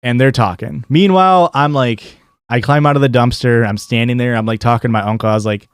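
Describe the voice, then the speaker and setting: Male streamer, casual rambling storyteller, profane, medium pitch, dry close sound. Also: a little fast, clean tone, no echo. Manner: rambling, profane, lots of likes and restarts.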